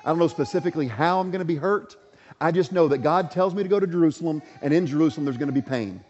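Male preacher acting out a resolute, heartbroken apostle, mellow tone, dull sound in a reverberant hall. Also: a little high, fast talker, pitched above the performer's own voice, lightly acted. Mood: earnest.

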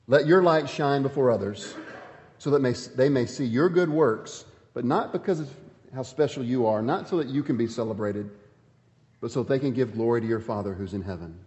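A pastor preaches with real force, his delivery swinging dramatically in pitch and volume as he reads scripture and hammers his points home. He talks briskly with a darkish tone. The sound is that of a large hall, with the high frequencies cut off.

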